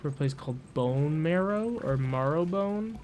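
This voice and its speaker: Excitable man playing a game. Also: on the high side, a little hiss or hum. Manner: excitable, quick to mock frustration, self-deprecating. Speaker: video game streamer. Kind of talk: casual gameplay commentary.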